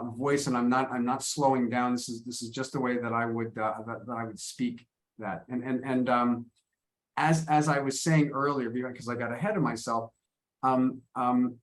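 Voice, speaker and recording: This medium-pitched American man leads an English lesson by video call, staying encouraging and patient and echoing his own words as he collects his thoughts.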